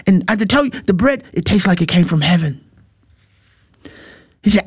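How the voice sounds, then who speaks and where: A man's voice: very high voice, lively intonation, fairly quick, long pauses, fairly bright tone. A middle-aged man hosting an opinionated commentary show, talking emphatically and jokingly, repeating words for stress. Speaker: show host.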